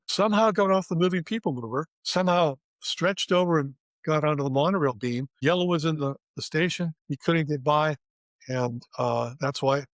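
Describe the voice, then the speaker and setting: An older man who once designed theme parks tells the story of his career in an interview, a vivid storyteller who acts out the quoted dialogue. His voice is fairly high, and the recording is dry with clean studio sound.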